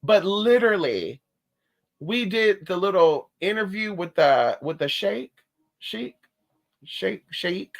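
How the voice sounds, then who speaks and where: A woman's voice: mid-range voice, sing-song, unhurried. A woman telling a personal story in a sassy, dramatic way, calling her listeners honey and girl. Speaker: spiritualist vlogger. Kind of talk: casual storytelling to camera.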